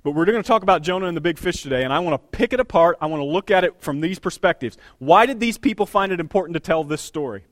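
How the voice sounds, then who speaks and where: A man in his thirties preaching a sermon as pastor, conversational and animated, with self-deprecating asides. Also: a little high, quick pace, hardly any pauses, no echo, clean studio sound. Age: 30s.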